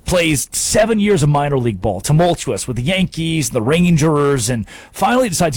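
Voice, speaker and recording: Animated, emphatic sports radio host, man. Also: on the high side, normal speed, few pauses, dry recording. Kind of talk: sports talk radio monologue.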